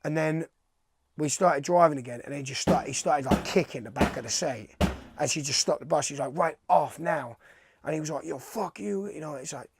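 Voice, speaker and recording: In a relaxed interview, the young professional skateboarder rambles through stories and swears without restraint. He speaks a little fast in a higher-leaning voice, against a noisy background.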